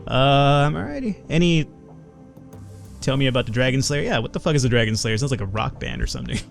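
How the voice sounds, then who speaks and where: A man's voice: mid-range voice, racing, gravelly. Chatty let's play guy, swears a lot, faint game music behind him. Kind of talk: casual gameplay commentary.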